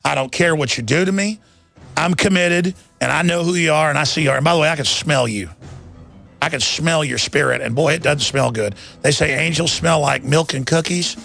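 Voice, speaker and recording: Gravelly, high-pitched ranting man. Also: a little fast, fairly bright tone, soft background music. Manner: ranting, combative, scornful. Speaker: radio talk show host. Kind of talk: angry radio monologue.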